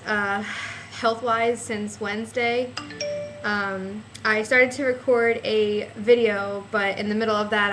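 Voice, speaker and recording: A woman's voice: on the high side, fairly bright tone, slight background noise. Breathless, teary young woman vlogging. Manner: halting, many fillers and sighs, nervous laughs. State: out of breath, close to tears. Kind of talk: casual pregnancy vlog.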